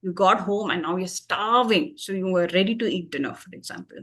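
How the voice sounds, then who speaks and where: A woman tutor patiently explaining English vocabulary with everyday examples, pausing often with fillers. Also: lowish voice, a bit bright.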